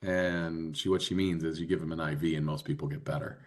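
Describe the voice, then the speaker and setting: A man's voice: a bass voice, little pitch movement, brisk. A man teaching a college biology class, explaining in a casual, conversational way with frequent fillers. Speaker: biology instructor. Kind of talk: classroom lecture.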